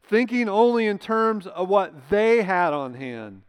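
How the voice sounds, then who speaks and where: Man preaching a sermon, high pitch, smooth resonant voice, long church hall reverb. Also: big pitch swings, measured pace. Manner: emphatic, conversational preaching with rhetorical questions. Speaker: pastor. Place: church sanctuary.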